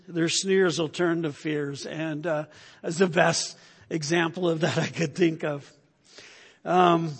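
Man preaching in a reverberant hall. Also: on the high side. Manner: conversational, storytelling with frequent "right?". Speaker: pastor. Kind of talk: sermon.

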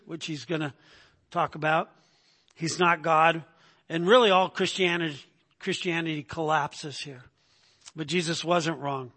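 A man's voice: fairly high pitch, a bit bright, in a large hall. A man preaching an expository sermon in a conversational way, often checking in with his listeners by asking "right?". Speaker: pastor.

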